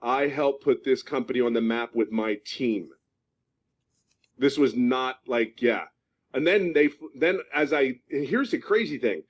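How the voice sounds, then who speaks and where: A man in his fifties from California gives a fervent testimonial about his work life. He is emphatic, circling back and repeating phrases to drive them home. His voice sits at an ordinary middle pitch. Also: measured pace. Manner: emphatic, repeats himself for stress. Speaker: program member giving a testimonial. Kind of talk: passionate spoken testimonial.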